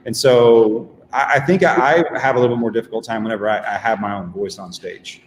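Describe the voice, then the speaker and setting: A man's voice: medium pitch, fairly quick, a little hiss or hum. A man, a stage actor, talking casually about his craft, with many ums and restarts. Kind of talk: casual chat. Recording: echoey room with long reverb.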